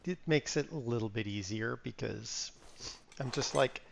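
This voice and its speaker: A man casually commentates a live game stream, muttering to himself as he plays, breaking into sudden exclamations and sniffling now and then. His voice is medium-pitched and creaky, at a moderate pace.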